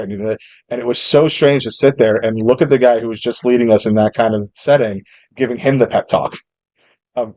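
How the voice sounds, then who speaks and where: A man, a former Marine and chef, talking in a relaxed, reflective way as a podcast guest, with frequent restarts. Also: medium pitch, a little fast, dry recording. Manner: reflective, storytelling with many restarts. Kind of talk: casual conversation.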